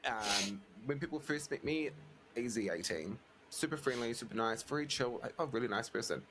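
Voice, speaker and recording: A man's voice: mid-range voice, lively intonation, brisk, crowd noise. A man co-hosting a casual podcast chat, laid-back and joking, with frequent chuckles. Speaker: podcast co-host.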